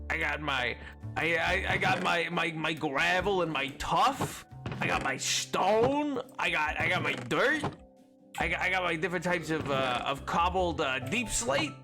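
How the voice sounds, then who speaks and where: Animated high-voiced young male streamer. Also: measured pace, over music. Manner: rambling, animated, reads chat aloud with playful indignation. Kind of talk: casual gaming stream chat.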